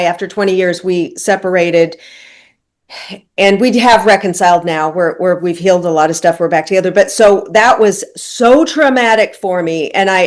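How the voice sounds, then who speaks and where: A woman in her sixties hosting an interview, talking openly and personally as she asks about her own experience. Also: mid-range voice. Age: 60s. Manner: open, personal, searching. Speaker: podcast host. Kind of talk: conversational interview.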